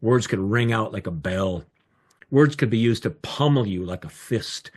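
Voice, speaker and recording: An older man telling a personal story in an animated, expressive way over a video call. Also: on the low side, measured pace. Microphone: video call microphone.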